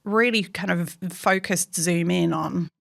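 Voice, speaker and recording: A woman with a lowish, gravelly voice chats loosely as a podcast co-host. She is talkative, laughs often and fills her pauses with ums. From England. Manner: chatty, laughs often, many fillers. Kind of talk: casual chat.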